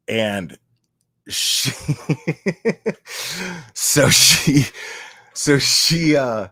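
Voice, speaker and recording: A man's voice: fairly low pitch, fairly bright tone, dry recording, clean studio sound. A man telling a crude personal story in a casual way, often laughing as he goes.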